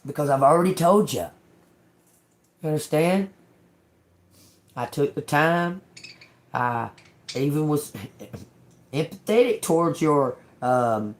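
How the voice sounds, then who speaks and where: A woman's voice: on the low side, a little mellow. Blunt, profane woman giving a tarot reading. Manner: blunt, profane, emphatic, often checks "you understand?"; laughs between phrases. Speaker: tarot reader. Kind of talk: casual live-stream tarot reading.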